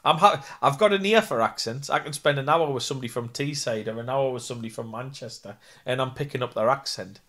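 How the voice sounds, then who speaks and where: A man's voice: mid-range voice, fast, few pauses, a bit bright. A man with a Geordie accent, an actor and singer chatting in an interview, self-deprecating and full of fillers. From North East England. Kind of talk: casual interview chat.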